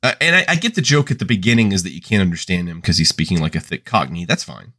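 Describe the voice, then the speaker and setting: A man's voice: sits low, expressive, fast talker, sharp tone. A man co-hosting a podcast, wryly recapping an episode in casual chat. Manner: recapping, wry. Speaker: podcast co-host.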